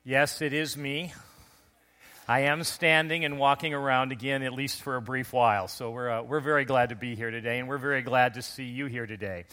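A middle-aged pastor, recently ill and on the mend, delivers an earnest Easter sermon a little fast, in a mid-range voice with fairly even intonation. He builds up to loud, emphatic calls to the congregation.

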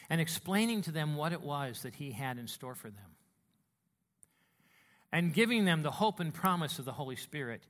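A man preaching a sermon as a pastor, telling stories with animated swings between hushed and loud delivery. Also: on the high side.

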